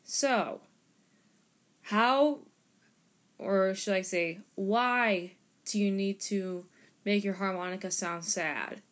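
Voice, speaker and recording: A young woman hosting a casual harmonica lesson, explaining step by step and pausing to demonstrate. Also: medium pitch. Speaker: harmonica teacher and podcast host. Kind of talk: casual instructional talk.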